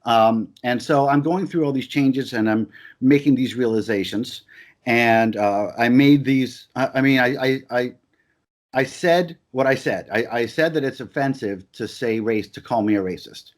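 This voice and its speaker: An emphatic man in a heated back-and-forth conversation. He presses his points again and again, and often trips over restarts before getting the words out. His voice sits at an ordinary middle pitch. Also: measured pace.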